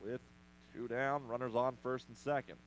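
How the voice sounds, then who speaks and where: A man doing play-by-play commentary for a baseball radio broadcast, brisk with playful asides. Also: mid-range voice, fairly even intonation, a little hiss or hum, low-quality recording. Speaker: play-by-play announcer.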